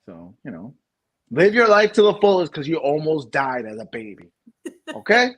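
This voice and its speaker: A man's voice: fairly high pitch, moderate pace, lo-fi sound. A man in his thirties co-hosting a podcast, chatting casually and telling stories with lots of laughter. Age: 30s. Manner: laughing, animated storytelling. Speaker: podcast co-host. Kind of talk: casual chat.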